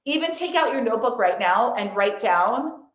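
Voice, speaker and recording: A woman's voice: a little high, lively intonation, normal speed. Young woman coach doing a live motivational stream, super emphatic, repeats affirmations a lot, echoey room. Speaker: motivational coach hosting an online event. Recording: roomy echo.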